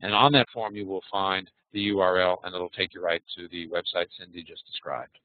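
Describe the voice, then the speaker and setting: Halting man on a tinny line. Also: sits low, little pitch movement, no echo. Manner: halting, with frequent fillers. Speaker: education program co-presenter. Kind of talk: online seminar presentation. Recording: dry, tinny phone-like audio.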